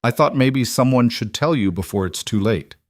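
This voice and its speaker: A man as a quiet, matter-of-fact rancher. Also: medium pitch, expressive, moderate pace, dry recording, studio quality, lightly acted. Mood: earnest.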